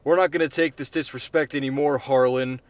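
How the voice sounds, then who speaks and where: A man's voice: medium pitch, steady tone, a little fast, dry recording, natural voice. Man doing male foreign delegate, angry, defiant, raised voice, accusing.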